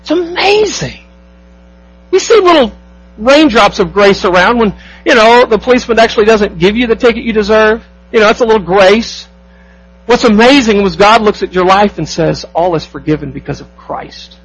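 A man preaching a sermon as pastor, emphatic, asking the congregation rhetorical questions and slowing down to stress key phrases. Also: high-pitched, expressive, low-quality recording.

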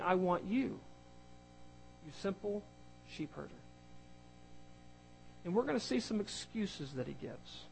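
High-voiced man preaching a sermon. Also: husky, rough recording. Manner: earnest, acts out quoted voices, varies loudness.

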